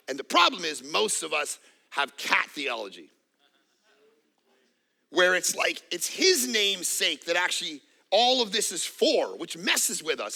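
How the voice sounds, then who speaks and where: A middle-aged male pastor preaches with lively, animated delivery and playful acted-out asides. His voice sits high, with a very bright, cutting edge and a gravelly texture. He speaks in a church setting. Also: a little slow. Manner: animated, acts out voices and jokes. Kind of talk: sermon. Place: church auditorium.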